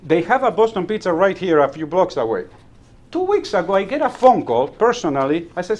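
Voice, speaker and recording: A man with a slightly raised pitch delivers a humorous speech to a live club audience. He tells his stories at an easy pace and chuckles at his own punchlines. He sometimes repeats a word as he restarts a sentence. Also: big pitch swings, moderate pace. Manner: storytelling, chuckles at own jokes, repeats words when restarting. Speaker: Toastmasters club speaker.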